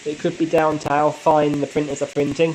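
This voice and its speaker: A man hosting a casual live stream, chatting in a relaxed way and answering viewer comments with frequent light laughs. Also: on the high side, fairly quick, slight background noise, poor audio. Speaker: model railway channel host.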